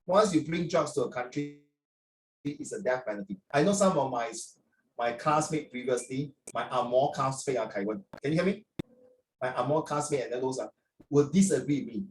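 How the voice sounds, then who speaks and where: A man's voice: mid-range voice, moderate pace. An older man with a Singaporean accent, a teacher lecturing a class in a chatty way, dropping local particles as he talks. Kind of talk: classroom talk to students. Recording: roomy echo, from far off.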